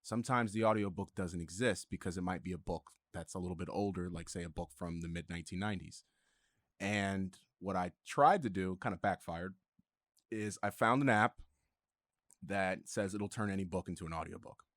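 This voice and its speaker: A man's voice: low voice, normal speed, no room sound, studio quality. A man chatting casually as a podcast guest, telling stories in an easygoing way. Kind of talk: casual chat.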